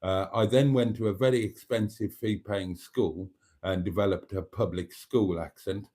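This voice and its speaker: A man's voice: fairly low pitch, fairly even intonation, normal speed, warm tone. Chatty man with a Brummie accent. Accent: Birmingham. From Wales. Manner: chatty and jokey, clears his throat often. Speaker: livestream host. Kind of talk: casual livestream chat reading viewer comments.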